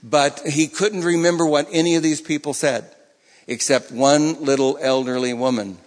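A man's voice: a little high, fairly even intonation, normal speed, long reverb tail. A man preaching a sermon in a conversational way, often repeating and restarting his phrases. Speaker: pastor.

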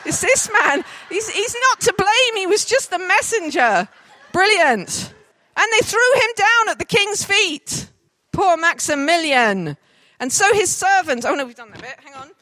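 A woman telling a story to a group, directing volunteers as they act it out, with lively, jokey asides. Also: extremely high pitch, a little slow, no room sound. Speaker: children's storyteller.

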